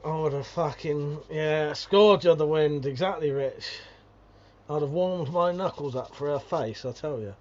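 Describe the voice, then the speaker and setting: A man's voice: a little high, measured pace, highs cut off. A British man hosting a casual livestream, reading viewer comments aloud and ranting with lots of swearing and laughter. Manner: profane, ranting, laughs often.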